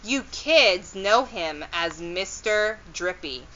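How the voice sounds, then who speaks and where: A woman voicing a friendly adult male mayor in a children's storybook read-aloud, genial and unhurried. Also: medium pitch, animated, a bit bright, dull audio, a little hiss or hum.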